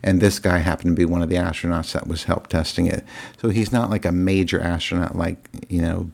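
A man's voice: low voice, steady tone, fairly quick, gravelly, darkish tone. A man telling a rambling, casual story to his viewers, with lots of fillers and restarts and chuckling at his own tale. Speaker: vlogger.

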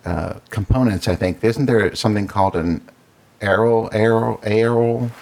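A man with a lowish voice talks through phone specs in an easygoing chat. He explains things steadily and reads out details as he goes. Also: normal speed, creaky, a little mellow. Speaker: podcast co-host. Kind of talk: casual tech chat.

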